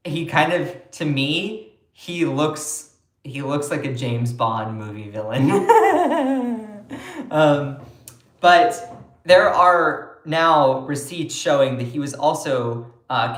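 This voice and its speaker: A chatty, sarcastic man hosts a livestream, commenting on politics and answering his chat. He speaks at an unhurried pace in a voice of middle pitch, and the room around him is noticeably echoey. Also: fairly bright tone.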